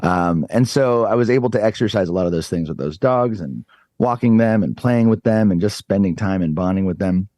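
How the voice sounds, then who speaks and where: A man in his thirties telling a story on a podcast, animated and swearing freely. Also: lowish voice, a little fast, no echo. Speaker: podcast guest. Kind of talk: casual storytelling.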